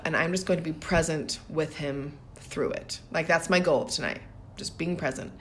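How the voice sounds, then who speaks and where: Low-voiced woman telling reflective stories. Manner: reflective, laughs often while telling stories. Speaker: podcast co-host. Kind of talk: casual podcast chat.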